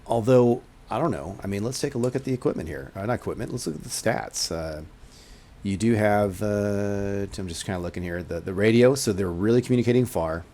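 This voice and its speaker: A man's voice: lowish voice, a little fast, darkish tone. A man hosting his own game channel, giving gameplay commentary as he thinks aloud, hedging often and explaining mechanics to newcomers. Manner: musing, thinking aloud with frequent hedges.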